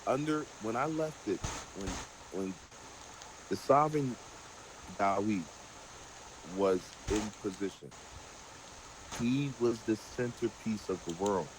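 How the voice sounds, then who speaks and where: A man hosting a casual group Bible study, talking in an animated way with everyday parallels. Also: on the low side, slow pace, pauses often, background noise. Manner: animated, draws everyday parallels, many fillers.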